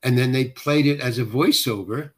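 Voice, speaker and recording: An older man spins a long story from his acting days in a loose, conversational way. He circles back and corrects himself often as he works his way through it. His voice sits at an ordinary middle pitch. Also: normal speed. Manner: rambling, self-correcting storyteller with frequent restarts. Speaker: guest actor.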